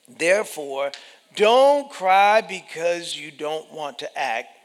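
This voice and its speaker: A gravelly man preaching slowly, with deliberate pauses. His voice rings out in a church hall with long reverb, and he drops to whispers and then rises to shouts. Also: a little high, animated. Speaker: pastor. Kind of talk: sermon.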